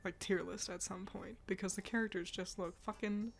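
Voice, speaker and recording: A woman's voice: mid-range voice, fairly even intonation, moderate pace, gravelly. A woman streaming casual chat about games, talking loosely with swearing, sighs and laughs, a bit stuffy and yawning. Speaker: streamer reacting to game awards.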